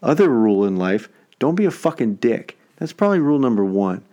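A young man co-hosting a podcast, telling a story in a casual, profane, animated way. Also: mid-range voice, a little fast. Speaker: podcast co-host. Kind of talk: casual chat.

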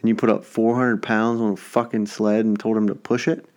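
A young man with a slightly low voice, chatting casually on a podcast. He tells stories with a lot of swearing and gets worked up as he goes. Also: a little fast. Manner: profane, animated storytelling. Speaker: podcast co-host. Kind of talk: casual chat.

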